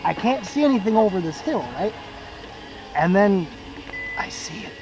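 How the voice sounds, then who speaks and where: Loud music plays behind a young man as he rambles through a crude story for his friends, cursing and cracking himself up. His high-pitched voice has lively intonation at a moderate pace, and the audio is poor.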